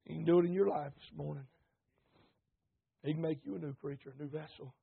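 Fervent husky preacher, high voice. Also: male voice, steady tone, a little fast, pauses often. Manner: fervent, rises to shouting, repeats phrases, rhetorical questions. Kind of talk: impassioned sermon. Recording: tinny phone-like recording.

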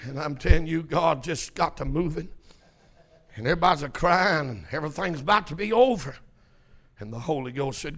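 Male preacher, high lively voice, drops to a hush then erupts into shouts. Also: a little fast. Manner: swings from hushed to shouting. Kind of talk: sermon storytelling.

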